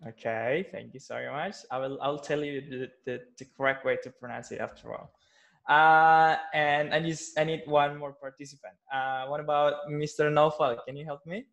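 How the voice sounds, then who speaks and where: A man's voice: on the high side, steady tone, normal speed, gravelly, a bit bright. A man teaching English pronunciation in an online class over a video call, patient and hesitant, with many fillers and restarts.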